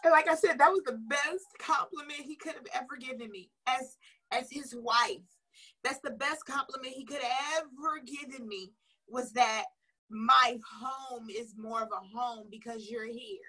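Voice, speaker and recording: A woman's voice: sits high, moderate pace, sharp tone, rough recording. A woman giving a casual motivational coaching talk, emphatic and chatty, repeating her key phrases. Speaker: sales coach.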